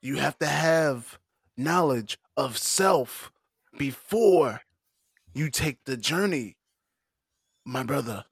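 A man doing an impression of a famous rapper as a slow, solemn, preachy sage. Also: medium pitch, animated, creaky, breathy edge, no room sound, studio quality, full character voice. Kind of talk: impression in casual podcast chat.

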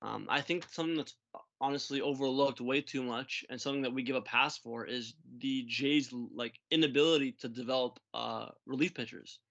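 A man with a mid-pitched voice co-hosts a sports podcast in casual, hesitant talk full of small restarts. His audio sounds dull and lo-fi, as if the highs were cut off. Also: brisk, gravelly, a bit bright. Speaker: podcast co-host.

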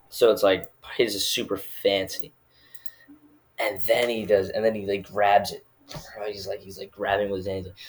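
A man's voice: lowish voice, little pitch movement, unhurried, long pauses. A man casually recapping a movie, rambling and full of filler words.

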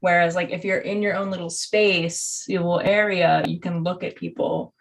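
A woman's voice: on the low side, fairly even intonation, moderate pace, gravelly, a little hiss or hum, low-quality recording. Chatty young woman co-hosting a podcast. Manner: chatty, giggly, heavy use of "like". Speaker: podcast co-host. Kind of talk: casual chat.

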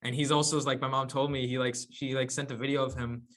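A young adult man co-hosts a podcast with friends, casually telling stories and corny jokes, laughing often and saying "man" a lot. His mid-range voice has little pitch movement, a fast pace and a slightly bright tone.

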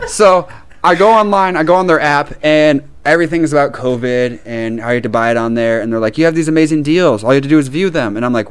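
Fast-talking ranting man. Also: a little high, background noise. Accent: Midwestern American. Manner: animated, profane ranting with frequent laughs. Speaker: podcast co-host. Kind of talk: casual storytelling chat.

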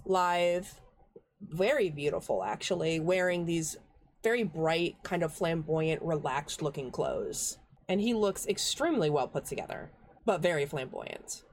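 A woman's voice: fairly low pitch, a little hiss or hum. A woman narrating as game master, chatty and meandering, with many fillers.

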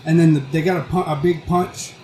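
A Texan man talking fast in a slightly raised voice, quick with jokes and curious questions. His lines ring in a roomy space over steady background noise. It sounds like a casual podcast taped in a small room. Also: fairly high pitch. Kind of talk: casual chat.

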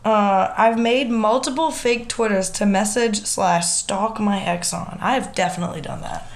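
A woman's voice: medium pitch, measured pace. A young woman hosting a podcast in casual chat, blunt and brash, laughing often. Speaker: podcast host.

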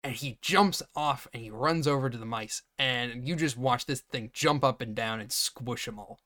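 Speaking at a moderate pace in a medium-pitched voice, this podcast co-host gives a casual movie recap, voicing the characters' lines himself and breaking into frequent laughter.

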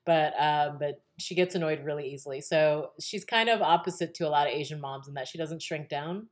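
A woman's voice: sits low, brisk. A woman guest on a podcast, telling a story casually with lots of fillers, restarts and laughter.

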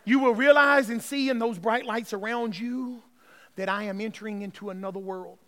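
A male pastor preaching a sermon, swinging between hushed, tender passages and loud, shouted exclamations. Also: high voice, steady tone, moderate pace.

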